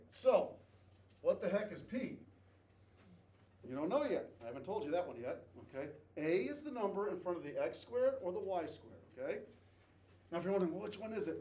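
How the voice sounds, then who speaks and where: A man's voice: high voice, warm tone. A male math teacher lecturing a class, repeating key points and checking in with "okay?". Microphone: distant camera mic. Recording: echoey classroom from far off, faint noise.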